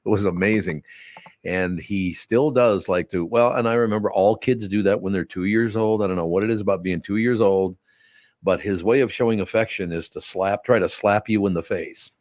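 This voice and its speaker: A man's voice: fairly low pitch, normal speed, a little mellow, no room sound. An older grandfather hosting a casual family chat, rambling and chatty with lots of fillers. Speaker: host, grandfather.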